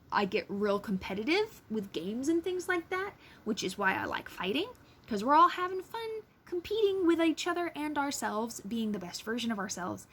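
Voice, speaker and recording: A woman's voice: on the high side, a bit bright, slight background noise. A young woman talking casually into her phone in a rambling, anxious, self-deprecating way. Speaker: vlogger. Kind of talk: casual selfie vlog.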